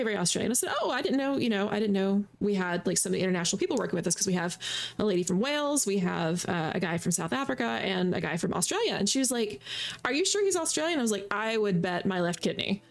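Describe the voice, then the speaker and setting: A woman streamer giving playful, chatty commentary while she plays a video game. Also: medium pitch. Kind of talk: casual gameplay commentary.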